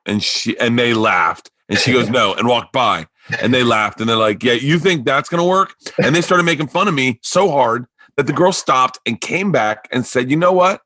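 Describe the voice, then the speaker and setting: A man with a bright, forceful voice spins long anecdotes for his podcast, jumping into other people's voices as he goes. He sounds close and dry on the mic, with no room sound at all. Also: medium pitch, normal speed, no echo. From Florida. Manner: rambling, animated storyteller who acts out quotes. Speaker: podcast host. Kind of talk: casual storytelling chat.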